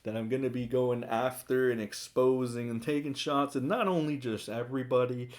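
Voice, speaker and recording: A man's voice: mid-range voice, steady tone, normal speed. A young man giving a profane, sarcastic rant, reacting to social media posts as a commentary streamer. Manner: profane, sarcastic, mocking voices of others.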